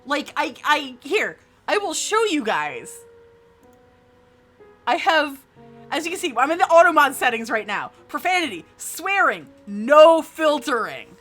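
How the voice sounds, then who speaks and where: A woman's voice: high-pitched, sing-song, a little slow, a bit bright, soft background music. A woman from New Jersey streaming live in a casual chat, cursing often and restarting her sentences. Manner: frustrated, swears freely, lots of restarts.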